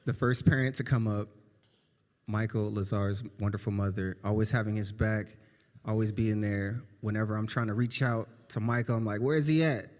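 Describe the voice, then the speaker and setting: A man's voice: on the low side, flat delivery, normal speed, in a large hall. A man hosting a ceremony as emcee, praising and introducing guests in a casual, hyped way. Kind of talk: event hosting.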